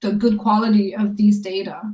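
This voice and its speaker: A woman researcher answering interview questions thoughtfully, pausing and restarting often, with light laughs. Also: mid-range voice, fairly even intonation, darkish tone, highs cut off. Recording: echoey room, a bit distant from the mic.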